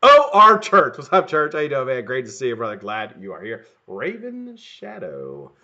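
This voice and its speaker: This live-stream host talks a little fast, his voice sitting at medium pitch, and the webcam sound is dull and lo-fi. Swearing freely and laughing a lot, he excitedly calls out viewers by name while chatting casually.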